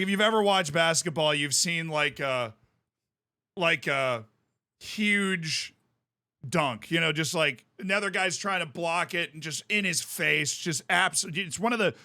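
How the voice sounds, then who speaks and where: A male streamer telling stories in an animated way and laughing often. His voice is fairly high and very bright. It sounds dry and close, with no room echo. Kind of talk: casual chat on a live stream.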